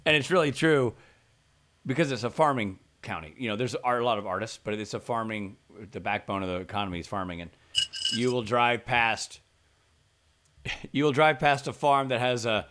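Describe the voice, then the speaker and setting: A man, co-hosting a casual podcast chat and telling stories with animated, laughing delivery. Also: medium pitch, moderate pace, slight background noise. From American South. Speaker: podcast co-host.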